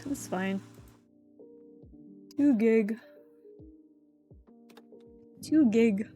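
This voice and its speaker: A woman streamer chatting casually and playfully teasing her chat during a live stream. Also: on the high side. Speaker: VTuber streamer.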